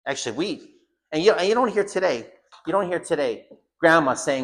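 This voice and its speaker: A man's voice: on the high side, lively intonation, normal speed, fairly bright tone. A man giving an informal home school lecture, blunt and emphatic, often repeating phrases for stress.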